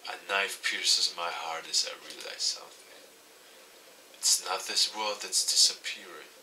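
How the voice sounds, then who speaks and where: A man streaming a game, reading the visual novel aloud and adding animated asides. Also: low-pitched, unhurried, a little hiss or hum. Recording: distant mic with faint music.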